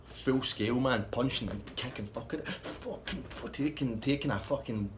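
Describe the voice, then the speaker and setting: A man telling a rambling, profane anecdote in a casual, lively way. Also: medium pitch, normal speed, noisy background. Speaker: storyteller.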